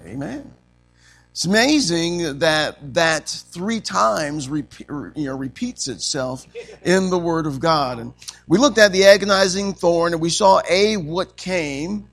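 A man's voice: fairly high pitch, lively intonation, slow pace, a bit bright, faint music behind. A man preaching a sermon as pastor, asking the congregation questions and punctuating with frequent amens.

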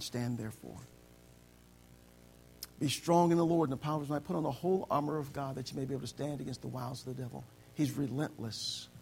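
A pastor preaching a sermon, repeating phrases and building from quiet storytelling to loud exhortation. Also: male voice, medium pitch, vocal fry, slight background noise.

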